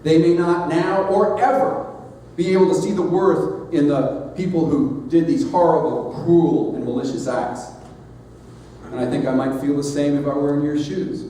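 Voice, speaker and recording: A middle-aged man delivers an earnest, measured sermon-style address, leaning on emphatic pauses. His voice is mellow and somewhat high for a man. He is picked up from a distance in a large, echoey hall with long reverb and a faint hiss. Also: fairly even intonation. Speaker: society leader giving a platform address.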